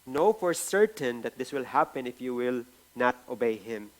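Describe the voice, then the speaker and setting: A man's voice: mid-range voice, lively intonation, normal speed. A man with a Filipino accent preaching a sermon, repeating key phrases for emphasis and often checking in with the congregation. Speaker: pastor.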